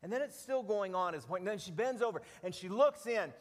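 A middle-aged man preaching a sermon with animated storytelling, often repeating words as he goes. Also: sits high, fast, big-room sound. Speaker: pastor.

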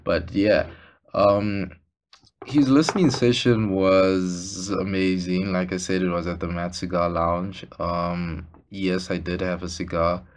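A man's voice: low-pitched, steady tone, slow. A young man hosting his own podcast, talking casually and rambling, repeating words and poking fun at himself. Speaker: podcast host. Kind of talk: casual solo podcast talk.

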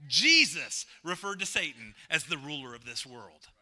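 Very animated and slightly high-voiced, a pastor preaches at a moderate pace. He hammers key phrases through repetition, shifts from booming to hushed, and jokes with the congregation while posing questions to them.

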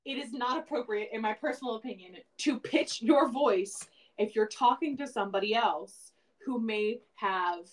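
Animated woman podcast co-host. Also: a little high, normal speed, poor audio. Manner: animated, laughs often, swears. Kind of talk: casual podcast chat.

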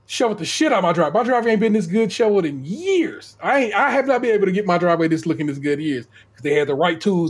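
A man on a podcast telling a long, animated story in casual chat, swearing freely and tripping over repeated words. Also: high voice, breathy edge. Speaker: podcast co-host.

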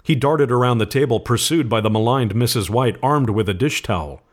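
A man narrating a spooky storybook tale, steady and measured. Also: mid-range voice. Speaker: podcast host. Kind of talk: storybook reading.

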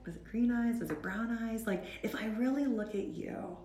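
A woman's voice: on the high side, normal speed. Earnest woman podcast guest, roomy sound. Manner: earnest, rambling, animated storyteller. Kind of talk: faith-based podcast conversation.

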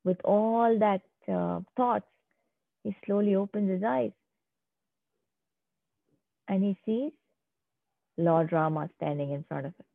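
A woman telling a devotional tale slowly and emphatically, repeating her key phrases. Her voice sits at a middle pitch. The sound is thin and phone-like, with no room around it. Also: gravelly, no echo. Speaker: devotional storyteller. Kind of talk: devotional storytelling. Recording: tinny phone-like, dry sound.

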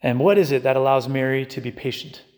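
A man's voice: mid-range voice, fast talker, darkish tone. A man giving a conversational spiritual talk to young adults as a Catholic speaker, often checking in with "right?" and "you know". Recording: echoey hall.

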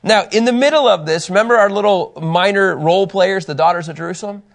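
Chatty high-voiced man teaching a Bible class. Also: quick pace, creaky. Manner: animated, chatty, often laughing at himself. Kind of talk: casual teaching with personal stories.

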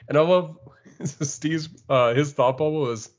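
A man's voice: fairly high pitch, measured pace, highs cut off. A man co-hosting a podcast in casual chat, laughing often while retelling scenes with animation. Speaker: podcast co-host.

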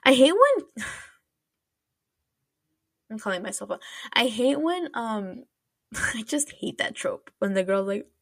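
Gravelly-voiced woman chatting casually. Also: a little high, big pitch swings, a little slow, pauses often, no echo, studio quality. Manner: rambling, filler-heavy, laughs often. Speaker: podcast host. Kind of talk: casual chatty drama recap.

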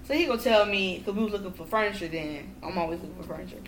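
A woman guest in casual podcast chat, telling profane, animated stories and acting out what people said. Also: mid-range voice, rapid-fire, a little hiss or hum. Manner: animated, profane storytelling with acted-out quotes.

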